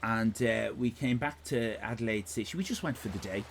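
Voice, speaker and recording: An Irish man with a lowish, gravelly voice hosts a live stream at a moderate pace, with a little hiss or hum in the audio. His casual chat rambles from tangent to tangent, full of jokes and swearing.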